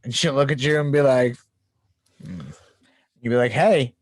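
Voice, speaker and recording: A man co-hosting a podcast, chatting casually and acting out stories about his young daughter in an animated way. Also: quick pace, dry recording. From Pittsburgh, USA. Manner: animated, acts out his toddler daughter in a high voice. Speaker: podcast co-host. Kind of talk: casual chat.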